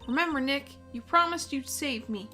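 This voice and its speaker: A playful young woman from a courtroom game, read by a woman in close to her own voice. She sounds chatty and easygoing, with a high, bright lilt. Her delivery stays casual and friendly. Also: moderate pace, soft background music. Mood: cheerful.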